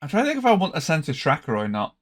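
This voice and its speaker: A man's voice: on the high side, huge pitch swings, very fast. A tired man streaming a strategy game, thinking aloud with hesitant, trailing casual commentary. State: tired, yawning.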